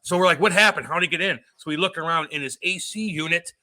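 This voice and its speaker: A man's voice: fairly high pitch, fast talker, pushed and bright. A man co-hosting a podcast, telling stories in a blunt, profane, casual way. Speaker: podcast co-host. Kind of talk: casual chat.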